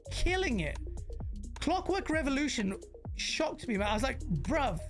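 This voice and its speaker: A man's voice: very high voice, creaky. Slangy British man reacting on stream. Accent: British, London slang. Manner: animated, banters with chat, slangy. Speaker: gaming commentator host. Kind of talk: casual streamed reaction chat.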